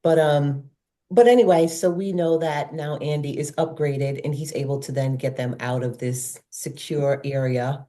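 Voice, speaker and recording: A woman's voice: low voice, steady tone, normal speed, warm tone. A woman co-hosting a casual film discussion, enthusiastically retelling scenes. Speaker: podcast co-host.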